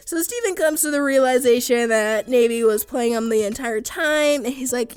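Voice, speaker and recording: A young woman casually recapping and giving her opinion on a cartoon episode, chatty and quick to laugh. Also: on the high side, clear, resonant tone, dry recording. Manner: chatty, laughs often, quotes characters loosely. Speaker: cartoon reviewer.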